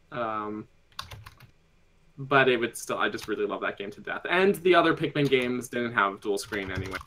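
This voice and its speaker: Guy rambling about games on a podcast, bright voice, lots of likes. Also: mid-range voice, slight background noise, poor audio. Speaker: podcast guest. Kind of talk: casual podcast chat.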